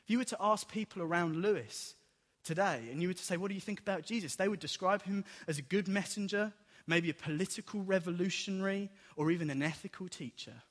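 A man preaching a sermon, telling the story in a lively way and acting out the dialogue. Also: high voice, quick pace, few pauses. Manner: animated storytelling, acts out dialogue. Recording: long hall reverb.

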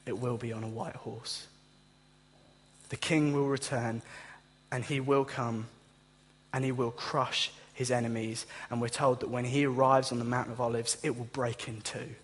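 A man's voice: medium pitch, little pitch movement, normal speed, husky. A man pastor preaching a sermon, speaking straight to his congregation with passion. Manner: impassioned preaching, direct address to listeners. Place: church. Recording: long reverb in a hall.

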